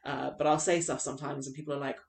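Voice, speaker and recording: A woman's voice: a bass voice, steady tone, very fast, vocal fry. A woman with a London English accent co-hosting a podcast in casual chat, chatty, with many fillers. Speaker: podcast co-host.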